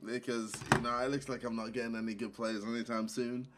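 A young man doing gaming commentary on a headset mic, swearing and raging in loud outbursts. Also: medium pitch, flat delivery, a little fast. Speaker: gaming YouTuber. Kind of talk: gaming commentary while opening packs. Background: music.

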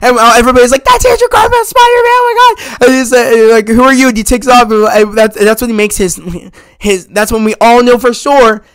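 High, smooth-voiced excitable film fan. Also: male voice, brisk, no echo, studio quality. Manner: rambling, heavy use of "you know" fillers; gets loud and high when thrilled. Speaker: movie reviewer. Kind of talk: excited casual spoiler review.

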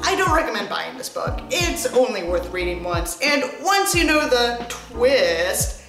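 Woman, high animated voice, sarcastic book roast, echoey room, music underneath. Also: a little slow, vocal fry. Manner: sarcastic, exasperated, swears freely. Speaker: book reviewer and host. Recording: roomy echo with music behind. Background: background music.

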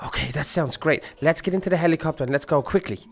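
A man improvising a game role-play, excitable and pleading, often stammering and restarting. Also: fairly high pitch, fast, vocal fry, soft background music.

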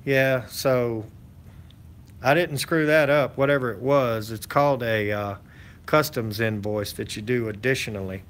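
A man's voice: medium pitch, measured pace, fairly bright tone. A man hosting his channel, chatting casually with viewers in a rambling, folksy way full of fillers and restarts. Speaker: channel host. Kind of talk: casual live-stream chat.

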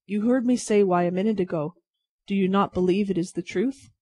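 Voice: mid-range voice, a little fast, darkish tone, no room sound, natural voice. A reader voicing an earnest male prisoner in his thirties, pleading and bewildered, in a dry, close recording. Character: Charles Darnay, man in his thirties, bewildered emigrant prisoner. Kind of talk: audiobook reading.

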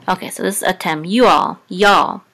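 A woman teaching a casual Hebrew reading lesson, sounding out letters slowly with many pauses and ums. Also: fairly bright tone. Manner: slow, deliberate, with many ums, sings the trope marks on a higher pitch.

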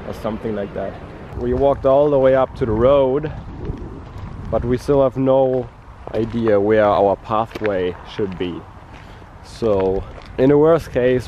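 A man talking in a monotone, feeling unwell, narrating a casual travel vlog outdoors on a coastal trail. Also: medium pitch. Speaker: travel vlogger. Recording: outdoor noise behind the voice.

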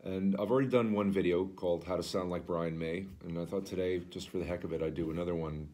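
Teaching singers to mimic a rock vocalist, this baritone talks casually and throatily, swallowing his words. His intonation is fairly even, his pace quick, and his sound a little mellow.

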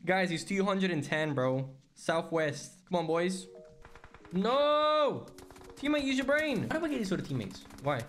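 A man in his twenties from Portugal, giving excitable, exclaiming, slang-filled commentary over his own gameplay. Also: a little high, normal speed, hardly any pauses, soft background music. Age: 20s. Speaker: gaming creator.

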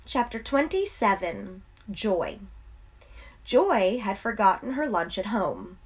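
Slow-reading woman storyteller. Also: mid-range voice, big pitch swings, husky. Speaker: reader. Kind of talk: storybook read-aloud.

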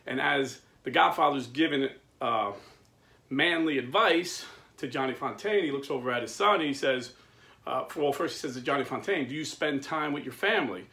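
Hosting a Catholic men's video, a man in his fifties delivers a casual preaching monologue in plain, blue-collar language. His voice sits mid-range at a normal speed, and he tells animated stories, chuckling as he goes.

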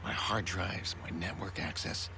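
An actor playing a grim, terse male vigilante hacker in a video game, speaking low and controlled. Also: steady tone, a little slow, background noise. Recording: game audio with loud music underneath.

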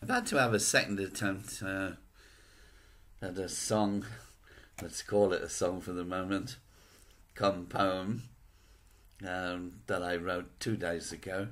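A man's voice: low voice, fairly even intonation, slow, pauses often, a bit bright. An older man chatting to camera at home in a meandering, self-deprecating way. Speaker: vlogger. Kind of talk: casual chat to camera.

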